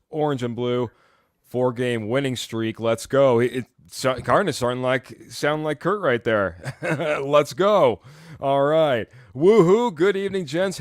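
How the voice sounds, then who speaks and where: A man's voice: medium pitch, no echo, clean studio sound. A man hosting a casual live sports fan show, upbeat and chatty, reading out viewer comments and laughing often. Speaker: host.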